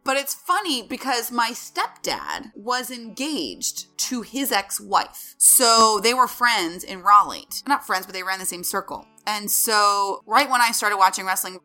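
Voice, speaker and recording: A woman tells a rambling story in quick, animated chat, peppering her speech with fillers. Her voice is bright and sharp, with faint music behind her. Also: mid-range voice. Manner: fast, animated, lots of fillers like "like". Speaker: entertainment interviewer telling a story.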